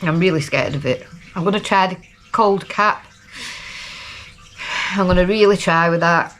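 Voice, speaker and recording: Chatty Lancashire woman with a low voice. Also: unhurried, fairly bright tone, a little hiss or hum. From Lancashire, England. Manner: chatty, down-to-earth, rambling. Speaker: vlogger. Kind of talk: casual video diary.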